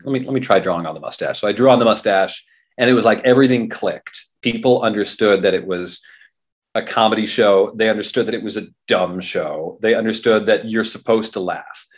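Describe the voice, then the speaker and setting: A low-voiced man talks as an interview guest in a loose, rambling way. He circles back and restarts his thoughts often. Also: fairly even intonation, normal speed. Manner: rambling, many restarts and fillers. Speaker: guest, radio journalist and fair performer. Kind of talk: casual interview talk.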